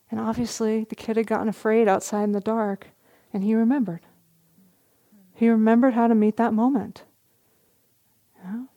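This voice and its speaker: A middle-aged woman, a meditation teacher, giving a dharma talk at a retreat, telling a story gently with soft laughs. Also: a little high.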